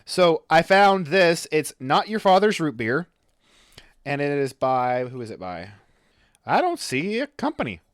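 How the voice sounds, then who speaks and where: A man with a slightly high voice and big pitch swings talks a little slowly as a podcast co-host. In relaxed conversation he rambles, stumbles on words, and corrects himself. Clean studio sound with no room sound.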